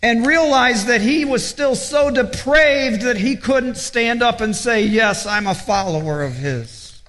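A male pastor preaching an earnest sermon, with halting repetitions, dropping low and soft when he quotes scripture. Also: lively intonation. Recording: echoey hall.

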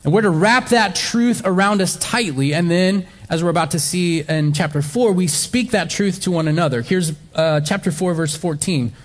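A man's voice: high voice, normal speed, hardly any pauses, in a large hall. A male pastor preaching a sermon in a conversational way, with some fillers and restarts as he works through a Bible passage.

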